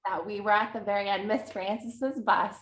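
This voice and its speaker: A woman's voice: mid-range voice, fairly even intonation, moderate pace, a bit bright, reverberant. A woman in her thirties, originally from New Jersey, chatting as a podcast guest and laughing often as she tells stories. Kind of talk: casual chat.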